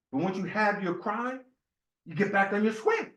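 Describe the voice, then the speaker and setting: Man, temple speaker, high voice, loose storytelling sermon, roomy hall sound. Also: expressive, brisk, muffled recording. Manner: conversational, storytelling, asks the room "right?". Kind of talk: informal sermon talk.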